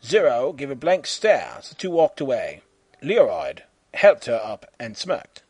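A man reading a humorous story aloud in an animated way, slipping into silly character voices. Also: mid-range voice, unhurried, husky, no echo. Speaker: fan fiction reader.

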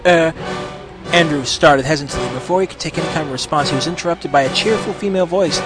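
A man reads a story aloud with an expressive, steady delivery, his voice sitting a little high. Faint music plays quietly underneath. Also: racing. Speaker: narrator. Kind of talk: storybook reading of fan fiction.

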